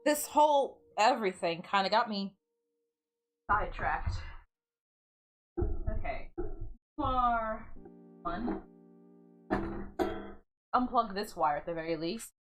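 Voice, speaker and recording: A woman's voice: mid-range voice, animated, slow, pauses often, faint music behind. Giggly rambling woman streamer. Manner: giggly, rambling, lots of "like" fillers. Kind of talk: casual chat while gaming.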